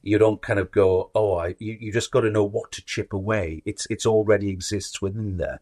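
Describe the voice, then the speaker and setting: Male interview guest, lower voice with some huskiness, reflective and searching. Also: fairly even intonation, brisk, darkish tone. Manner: thoughtful, restarts and repeats words while reaching for ideas. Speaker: actor and author, guest. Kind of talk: conversational interview.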